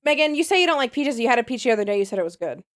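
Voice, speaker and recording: A young adult woman co-hosting a podcast, telling stories in a profane, animated casual chat. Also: on the high side, very fast. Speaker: podcast co-host.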